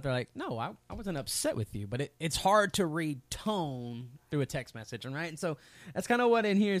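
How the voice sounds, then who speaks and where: A man's voice: mid-range voice, no echo. A man in his thirties giving a sermon as a pastor, talking in a loose, conversational way with frequent fillers and restarts.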